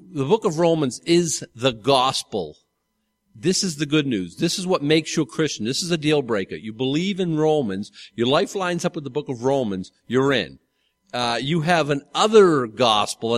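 A man's voice: medium pitch, no room sound. Man teaching a casual sermon. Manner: conversational, self-correcting, asks the congregation questions. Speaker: pastor.

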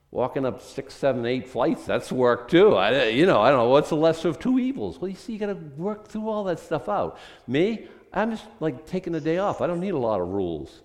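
Conversational male pastor, rhetorical and animated, church hall reverb. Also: a little high, brisk. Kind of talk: sermon.

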